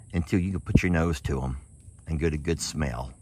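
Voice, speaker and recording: Deep-voiced folksy man. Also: lively intonation, moderate pace, a little hiss or hum. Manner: folksy, chatty, talks to the animals. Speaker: animal sanctuary owner. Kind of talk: casual vlog narration. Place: outdoors in a pasture.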